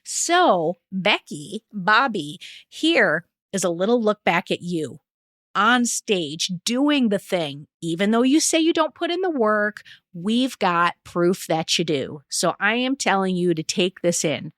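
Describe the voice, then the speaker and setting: A woman's voice: medium pitch, very animated, takes it slowly, a bit bright, no echo, studio quality. A woman hosting a podcast, reading her segments and sign-off with chatty, playful asides. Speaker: podcast host. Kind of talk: scripted podcast narration.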